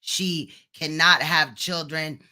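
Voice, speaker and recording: Blunt woman host commenting on a clip, bright voice. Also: deep voice, fairly even intonation, takes it slowly. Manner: blunt, mocking. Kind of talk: reaction commentary.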